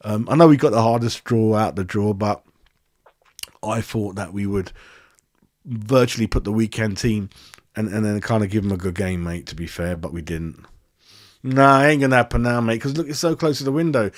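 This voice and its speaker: A man's voice: on the low side, moderate pace. Exasperated swearing man ranting. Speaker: football fan channel host. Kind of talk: post-match fan rant.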